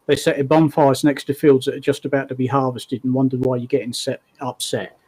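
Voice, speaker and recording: A man's voice: medium pitch, brisk, slightly rough. A man, hosting a casual online voice chat, telling stories and laughing often. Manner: lively, laughs often, slangy storyteller.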